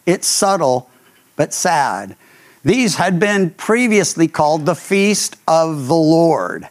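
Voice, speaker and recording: A man with a notably high-pitched voice delivers a sermon as a pastor. He teaches in a loose, conversational way and often restarts his sentences mid-thought. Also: very animated, slow.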